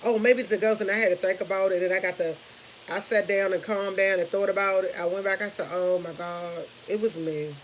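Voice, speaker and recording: A woman's voice: mid-range voice, steady tone, fast, muffled recording, slight background noise. A woman, in her thirties, chatting casually and rambling to viewers of her morning live stream, laughing often.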